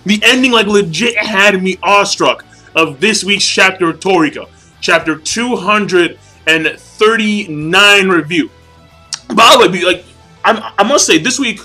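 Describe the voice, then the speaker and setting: A young man with a high, bright voice rants excitedly through a casual video review, piling on curses and slang. Faint music plays beneath his talk. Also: low-quality recording. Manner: hyped, profane, slangy fanboy gushing. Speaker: manga chapter reviewer.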